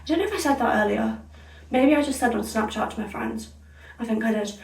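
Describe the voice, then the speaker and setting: A woman's voice: on the high side, expressive, fairly quick, gravelly, recorded from a distance. A young woman from England, chatting in a rambling, self-correcting way while she dyes her hair for a vlog. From Somerset, England. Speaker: vlogger. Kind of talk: casual hair-dye vlog chat. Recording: echoey room, off-mic.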